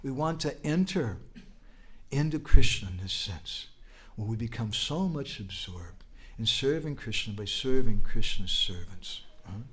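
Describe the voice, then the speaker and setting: A man's voice: mid-range voice, measured pace. A man giving a devotional talk, telling stories with whispered asides and chanted verses. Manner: animated storytelling, drops to whispers, bursts into chanting. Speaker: spiritual teacher.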